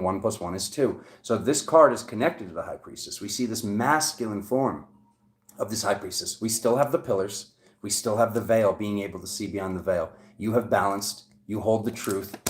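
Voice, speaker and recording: A man giving a casual, animated tarot reading for each zodiac sign as the channel's host. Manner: animated, excitable, jumps high in pitch. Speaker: tarot reader.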